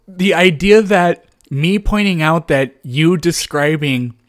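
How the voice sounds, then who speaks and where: A man's voice: a little high, no room sound, studio quality. A man hosting a heated debate, mocking and sarcastic toward the other speaker. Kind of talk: heated argument.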